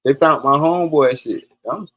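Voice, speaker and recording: On a live stream, a man whose voice sits on the high side speaks at normal speed, the recording's highs cut off. Swearing freely and animatedly, he recounts a personal story and voices the dialogue of the people in it.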